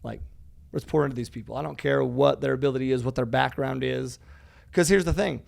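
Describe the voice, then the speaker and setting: A man's voice: mid-range voice, fairly quick, creaky. A man talking casually on a podcast, acting out conversations, saying "dude" often and swearing freely. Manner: animated storyteller, says "dude" often, acts out dialogue. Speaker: podcast guest, real estate educator.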